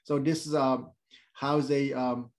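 A male instructor explaining networking in a halting, plain way, with many fillers and everyday comparisons. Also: mid-range voice, flat delivery. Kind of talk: screen-share tech lesson.

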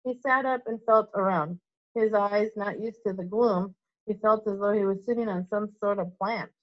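A woman teacher reads a storybook aloud to children, clear and steady apart from small slips. Her voice is medium-pitched and moderately paced, and the lo-fi recording is dull.

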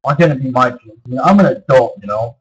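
Vlogger, male, early 30s, husky voice, meandering delivery, dull lo-fi recording. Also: mid-range voice, fast talker. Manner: meandering, repeats himself, many fillers. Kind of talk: rambling casual monologue.

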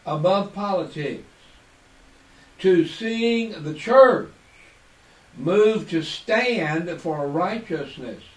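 A man preaches to his listeners in a slow, drawn-out, emphatic cadence. His voice sits a little high. He sounds set back from the mic in a roomy, echoing space. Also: distant mic. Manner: drops to quiet asides when unsure. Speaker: radio talk show host.

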